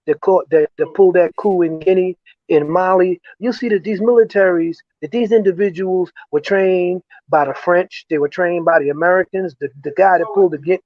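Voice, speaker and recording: A man's voice: high voice, dry recording, highs cut off. An older man giving an interview as a guest, talking emphatically with frequent restarts and "you see?" tag questions. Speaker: guest, veteran activist. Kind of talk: political interview talk. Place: lives in Ghana, remote interview.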